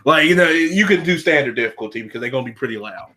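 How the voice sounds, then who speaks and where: A man's voice: mid-range voice, expressive, fast, sharp tone. A man narrating a tabletop game as game master in a laid-back, slangy way.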